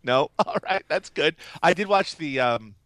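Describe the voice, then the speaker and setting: A man's voice: a little high, normal speed, a bit bright, no room sound. A man co-hosting a podcast in casual, rambling, enthusiastic chat, often laughing, while recovering from a cold. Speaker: podcast co-host.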